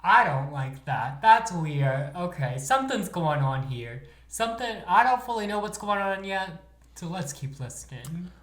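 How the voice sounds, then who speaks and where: Joking woman co-host, lowish voice, echoey. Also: very animated, unhurried. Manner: crude, joking, swears freely. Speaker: podcast co-host. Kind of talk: casual chat.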